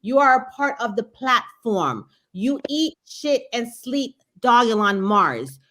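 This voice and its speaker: A woman's voice: a little high, big pitch swings, slow, a bit bright. A woman with a Brooklyn accent co-hosting a live stream, talking emphatically and repeating her points in casual chat. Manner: emphatic and repetitive, circles back on points. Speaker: co-host of a crypto live stream.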